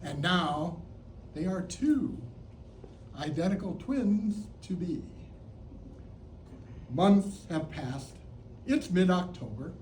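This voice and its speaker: A man's voice: sits high, animated, takes it slowly, pauses often, darkish tone, slight background noise. A man in his seventies from Chicago, telling a playful personal story on stage in a theatrical way. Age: 70s. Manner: playful, theatrical, mock sports announcing. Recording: roomy theater sound, distant mic, faint ambience.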